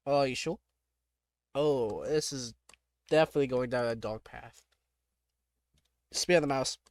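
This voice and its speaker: A man with a medium-pitched voice, recorded dry, plays a text adventure. He reads the game's text out loud and responds casually, often laughing and breaking off in startled exclamations.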